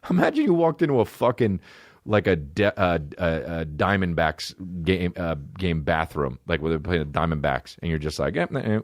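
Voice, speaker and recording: A man hosting a comedy podcast, riffing alone in a profane, rambling, animated way. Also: low-pitched, normal speed.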